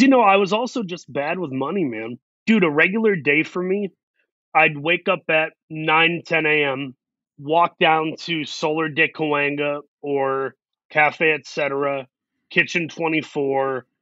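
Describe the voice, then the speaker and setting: A man's voice: fairly high pitch, measured pace, bright, forceful tone, no room sound, lo-fi sound. A man, an actor guest, telling long self-deprecating stories in a casual interview. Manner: rambling, self-deprecating anecdotes.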